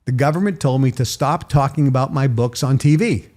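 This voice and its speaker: An older man from Massachusetts, a podcast guest telling animated stories and acting out quoted dialogue with sudden jumps in pitch. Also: fairly quick. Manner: emphatic, acts out quoted dialogue with raised pitch. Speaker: podcast guest, author and marketer. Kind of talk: animated interview storytelling.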